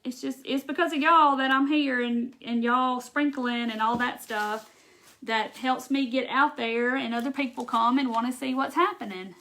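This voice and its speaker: A Mississippi woman with a Southern accent hosts a craft livestream, chatting casually, responding to viewers by reading their comments aloud, and saying "y'all." Her voice is high-pitched, pushed, and bright, at a normal speed.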